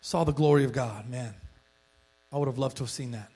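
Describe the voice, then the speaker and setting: A man's voice: medium pitch, a little fast, slightly rough. A male pastor preaching a sermon in a conversational storytelling way, with frequent restarts. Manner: conversational storytelling, frequent restarts, rising excitement when acting out quotes.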